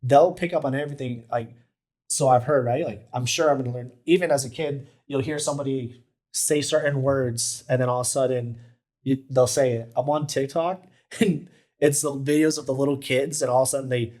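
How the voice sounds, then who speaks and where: A man's voice: mid-range voice, fairly even intonation, fairly quick, darkish tone. A man co-hosting a casual podcast about fatherhood, friendly and agreeable, peppering his talk with "like" and "yeah". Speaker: podcast co-host, expecting father. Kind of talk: casual chat.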